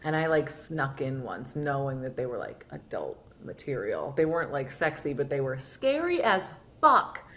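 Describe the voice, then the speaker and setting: A woman with a low, deep-set voice chats openly as a guest on a podcast. She rambles a little and leans on filler words as she thinks aloud. A faint hiss sits under her voice. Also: sing-song, normal speed, hardly any pauses, fairly bright tone. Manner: candid, rambling, heavy use of "like". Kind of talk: casual interview chat.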